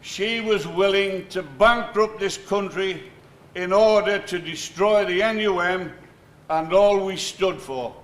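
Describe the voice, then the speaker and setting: A man giving a formal commemorative speech in a measured, deliberate way. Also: high voice, a bit bright. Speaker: speaker at plaque dedication. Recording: echoey room with faint noise.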